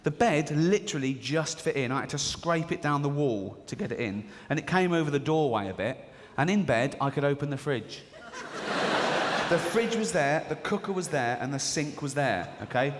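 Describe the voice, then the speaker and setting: Comedian telling stories on stage. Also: male voice, on the high side. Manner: chatty storytelling, acts out voices of people in anecdotes. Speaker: stand-up comedian. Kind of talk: live stand-up comedy. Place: large theatre stage. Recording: live hall reverb with faint audience ambience.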